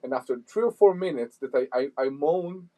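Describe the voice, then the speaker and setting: A man co-hosting a radio talk show, joking and teasing in casual banter with halting phrasing. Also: fairly high pitch, animated, mellow, low-quality recording.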